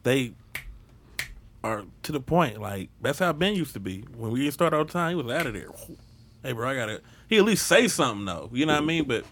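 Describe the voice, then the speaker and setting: A man's voice: medium pitch, big pitch swings, brisk, fairly bright tone, slight background noise. A man hosting a podcast, talking in loose, profane, casual banter. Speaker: podcast host. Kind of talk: casual chat.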